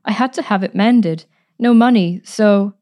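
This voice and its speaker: A woman voicing a frightened, gentle young girl in a read-aloud story, speaking breathlessly. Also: medium pitch, measured pace, pitched above the performer's own voice, natural voice. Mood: distressed. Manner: breathless, pleading, timid.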